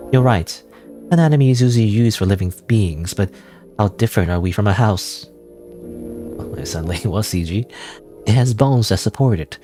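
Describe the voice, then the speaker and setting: A man voicing a secretive, moody teenage girl obsessed with the occult, in a nasal, slightly breathy voice. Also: fairly low pitch, dark tone, close to an everyday voice.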